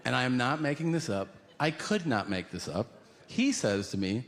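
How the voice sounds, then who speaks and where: A man doing animated, profane stand-up comedy storytelling with deadpan asides on a stage before a live audience. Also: on the high side, brisk, heavy background noise.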